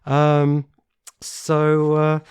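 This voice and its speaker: A man teaching a piano piece in a relaxed tutorial, talking thoughtfully and often restarting his sentences. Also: a little high, extremely slow, clean tone. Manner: thoughtful, hesitant, repeats words when starting. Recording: piano playing in the background. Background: piano played between remarks.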